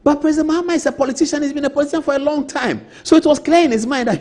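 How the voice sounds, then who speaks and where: A man's voice: very high-pitched, very fast. A Ghanaian man hosting a TV talk show, giving theatrical, opinionated political commentary. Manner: animated, theatrical, acts out quotes. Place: TV studio.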